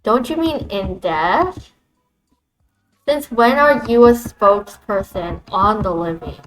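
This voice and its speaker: A woman's voice: mid-range voice, animated, slow pace, a bit bright, faint music behind, low-quality recording. A woman streaming a visual novel, reading its lines aloud and reacting to them in a playful, teasing way.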